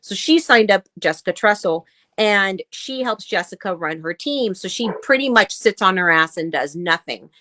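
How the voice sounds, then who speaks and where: A woman's voice: medium pitch, lively intonation, moderate pace, bright, forceful tone, no echo. A woman co-hosting a casual talk show, ranting bluntly and swearing as she reads posts aloud. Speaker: podcast co-host. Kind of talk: casual chat.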